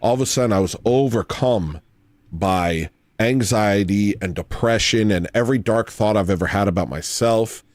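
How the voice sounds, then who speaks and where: A man telling a personal story in a rambling, halting, earnest confessional monologue, played as a clip. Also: on the low side, dry recording. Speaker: clip of another streamer.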